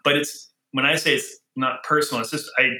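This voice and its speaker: A man who is a leader and author, talking casually, animated and thinking aloud with frequent restarts. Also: medium pitch, brisk, echoey room, rough recording. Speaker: guest, engineering leader and author. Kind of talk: casual conversation.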